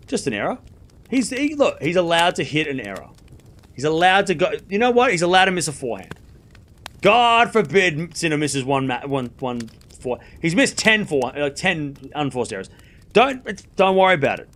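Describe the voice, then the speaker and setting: A high, bright-voiced man runs a live tennis watchalong stream, switching between quick point-by-point calls and sarcastic asides to his chat. His pitch swings widely as the rallies build. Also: big pitch swings. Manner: rapid play-by-play calls. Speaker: stream host and commentator.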